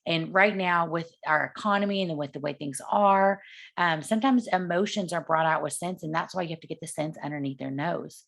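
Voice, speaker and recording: A woman's voice: low-pitched, brisk, gravelly, a bit bright. A woman giving sales tips in a casual coaching talk, chatty and acting out the conversations she quotes. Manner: chatty, acts out quoted dialogue.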